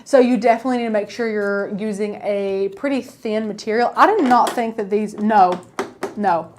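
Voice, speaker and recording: A woman's voice: mid-range voice, normal speed, a little mellow, slight background noise. A woman with an East Tennessee accent hosting a live craft tutorial, chatty and upbeat, talking straight to her viewers. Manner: chatty, upbeat, keeps addressing viewers as guys.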